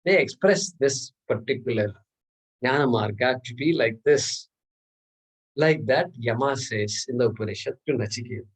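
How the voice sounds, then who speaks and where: A man's voice: medium pitch, moderate pace, breathy edge, rough recording. A man, teaching a scripture class and explaining terms patiently, repeating words and chuckling often. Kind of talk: class lecture.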